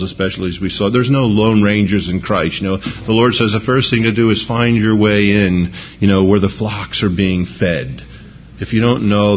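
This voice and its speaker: A man's voice: fairly low pitch, slight background noise. A middle-aged man preaching a conversational sermon to a live congregation, often asking "you know what I mean" and acting out the people he quotes. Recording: dull lo-fi recording.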